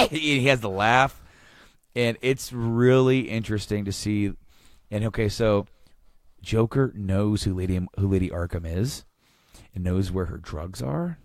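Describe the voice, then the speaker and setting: Low-voiced male podcast host, rambling. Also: measured pace, a little mellow, no echo, clean studio sound. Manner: rambling, enthusiastic recap with many restarts. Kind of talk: casual chat.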